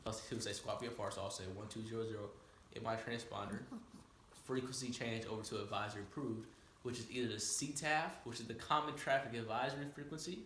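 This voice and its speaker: Chatty pilot man, bright voice. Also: lowish voice, steady tone, echoey room, slight background noise. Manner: rattles off radio calls in quick aviation jargon; explains terms to a listener, often asking "right?". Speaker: student pilot. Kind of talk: casual storytelling.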